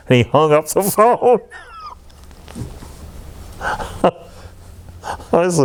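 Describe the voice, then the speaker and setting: A man's voice: fairly high pitch, very slow, long pauses, clean tone. A man in his eighties telling war stories in an oral history interview, laughing often and acting out what others said. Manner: lively anecdotes, laughs often, acts out quoted dialogue. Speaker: veteran interviewee.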